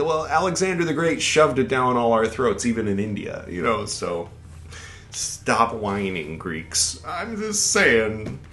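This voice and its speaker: A podcast host with a mid-range, slightly bright voice reads an old text aloud, interrupting himself with irreverent, profane, digressive remarks and theatrical voices for quotes. It's casual, rambling reading commentary, recorded in an echoey room with faint background noise.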